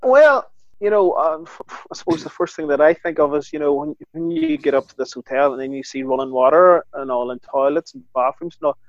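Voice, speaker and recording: A man's voice: on the high side, expressive, a little fast, dry recording. A man, joking and teasing in casual chat. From Northern Ireland. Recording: dull lo-fi sound.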